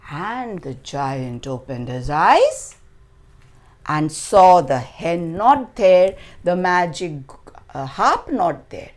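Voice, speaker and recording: A woman telling a children's fairy tale in an expressive, dramatic storytelling style, dropping to soft near-whispers in places. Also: fairly low pitch. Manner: expressive, slow, dramatic storybook reading with sound effects.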